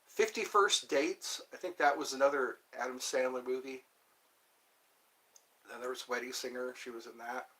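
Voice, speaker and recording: A man's voice: mid-range voice, fairly bright tone. A man hosting his own vlog, rambling from topic to topic, laughing at himself and breaking into bits of song. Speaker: channel host. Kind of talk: rambling solo vlog chat.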